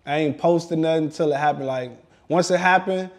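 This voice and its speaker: A man's voice: on the high side, moderate pace. A man in his thirties, an interview guest, chatting casually and rambling with lots of fillers while getting used to new dental work in his mouth. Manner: relaxed, rambling, heavy use of "like". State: talking around brand-new dental work. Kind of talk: casual chat.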